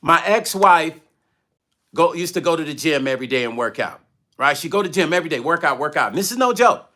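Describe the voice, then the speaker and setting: A man's voice: a little high, expressive, fairly quick, sharp tone. A middle-aged man telling a personal story on a casual livestream, with passion and many repeated phrases. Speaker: music vlogger on a livestream.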